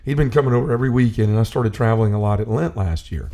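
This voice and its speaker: Man, gravelly voice, mellow tone, earnest storytelling, casual faith talk. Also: lowish voice, rapid-fire. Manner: earnest storyteller, restarts and repeats himself. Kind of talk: casual conversation about faith.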